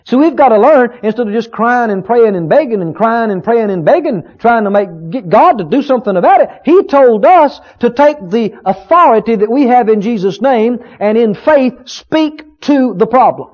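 A man preaching a sermon, stretching out key words for emphasis and rising to loud shouts of praise. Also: very high-pitched, animated, moderate pace, few pauses. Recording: dull lo-fi sermon recording.

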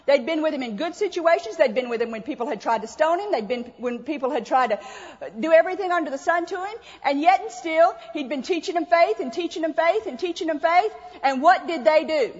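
A woman's voice: sits high, lively intonation, brisk, in a large hall, muffled recording. A woman pastor, preaching a sermon in a folksy, repetitive way with acted-out asides.

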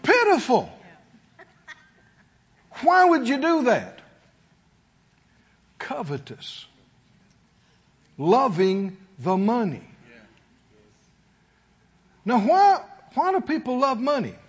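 A man delivers a sermon in a strikingly high, lively voice, calling out to his congregation for responses. He speaks slowly with a husky edge. The recording sounds dull and lo-fi. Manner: emphatic, call-and-response preaching. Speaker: pastor.

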